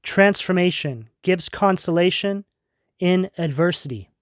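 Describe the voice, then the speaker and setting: A man giving a tarot reading video, speaking in slow, emphatic, intense declarations. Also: sits high, dry recording, clean studio sound. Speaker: tarot reader.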